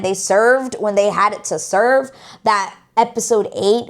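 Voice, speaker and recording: A woman reviewing a TV series in casual chat, gushing and expressive, swearing freely and acting out the characters' lines. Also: medium pitch. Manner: gushing, expressive, profane, acts out quotes. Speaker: TV review vlogger.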